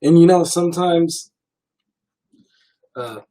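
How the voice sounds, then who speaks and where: A young man chats on his livestream in a relaxed, rambling way, filling his pauses with ums and likes. His voice sits a little high for a man, with a mellow, soft tone. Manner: relaxed, rambling, many fillers. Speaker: livestream host. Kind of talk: casual livestream chat.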